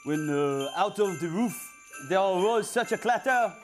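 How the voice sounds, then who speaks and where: A man's voice: high voice, expressive, measured pace, voice pushed down. A man putting on a comic Spanish accent while reading a holiday poem, playful and stumbling as he hams it up. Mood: hammy. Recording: loud audience and music behind.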